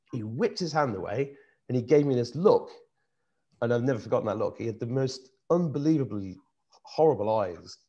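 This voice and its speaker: Middle-aged British host, earnest and animated, keeps restarting his sentences. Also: medium pitch. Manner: earnest, animated, repeats himself while searching for words. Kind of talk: casual conversational storytelling.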